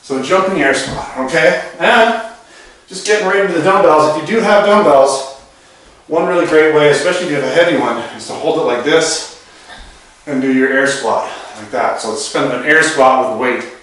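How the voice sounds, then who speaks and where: A man's voice: on the high side, normal speed, fairly bright tone. A man over forty demonstrating home exercises, chatty and slightly out of breath as he moves, recorded in an echoey room. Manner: loose and chatty, with restarts. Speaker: fitness instructor. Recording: very echoey, distant camera audio.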